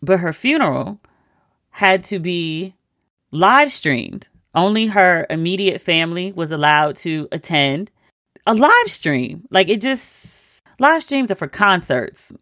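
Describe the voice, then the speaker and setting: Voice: mid-range voice, very animated, takes it slowly, pushed and bright, no room sound, clean studio sound. A host telling a personal story in a casual monologue, with wry, incredulous asides.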